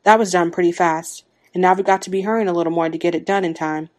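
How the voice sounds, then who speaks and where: A woman voicing a brisk, formal middle-aged man who runs a village lottery in a read-aloud story. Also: lowish voice, steady tone, darkish tone, natural voice. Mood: businesslike. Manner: formal, businesslike.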